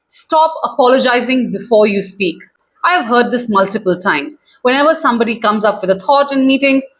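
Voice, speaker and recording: A woman communication coach teaching straight to camera in a clear, measured, emphatic way. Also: on the high side.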